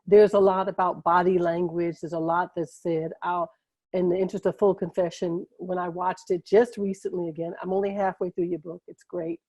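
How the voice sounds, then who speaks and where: Woman, warm dark voice, lowish pitch, enthusiastic rambling questions, dry video call sound. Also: flat delivery, normal speed, dry recording. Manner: enthusiastic, rambling, self-interrupting. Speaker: host and moderator. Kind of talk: conversational interview question.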